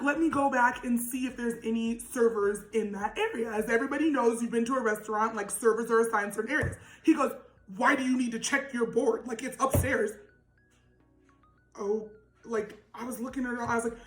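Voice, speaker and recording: A young woman with a naturally loud voice telling a storytime vlog, animated and laughing, with lots of "like". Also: a little high, fairly quick, echoey room, soft background music, rough recording. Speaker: vlogger.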